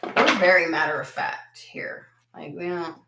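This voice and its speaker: With a lowish voice and noticeable vocal fry, an American tarot reader takes her time, chatting loosely and getting sidetracked, with the odd swear word. The room echoes and the background is noisy.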